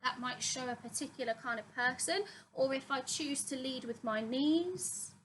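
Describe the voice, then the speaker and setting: Bright-voiced drama teacher. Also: female voice, fairly high pitch, a little hiss or hum, rough recording. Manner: clear, steady teacher explaining terms with filler ums. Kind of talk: classroom explainer video.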